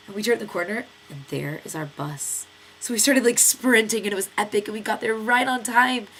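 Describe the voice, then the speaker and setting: Gravelly-voiced young American woman, stuffy-nosed. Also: medium pitch, fairly quick, slight background noise. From United States. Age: 20s. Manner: chatty, lively storytelling with many fillers and acted quotes. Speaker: vlogger. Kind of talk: casual rambling vlog storytelling.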